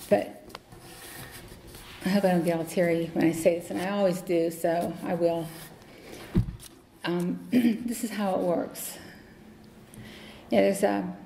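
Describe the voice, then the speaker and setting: A woman's voice: medium pitch, dark tone. A woman giving an earnest, conversational recovery talk as a speaker at a meeting, telling stories. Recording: echoey hall, faint noise.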